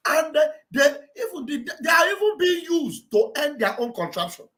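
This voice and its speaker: A man with a Nigerian accent hosting a livestream, in casual, halting chat. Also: extremely high pitch, very animated, pushed and bright, poor audio. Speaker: livestream host.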